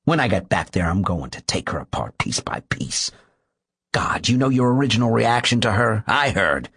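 A man reading the part of a bitter, bedridden man who seethes at his wife, speaking low and grim. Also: very animated, moderate pace, gravelly, fairly bright tone, slightly rough, no room sound, studio quality, heavily acted.

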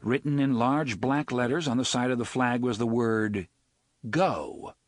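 A man narrating a novel as an audiobook in an expressive storytelling read. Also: mid-range voice, moderate pace, dry recording. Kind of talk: scripted narration.

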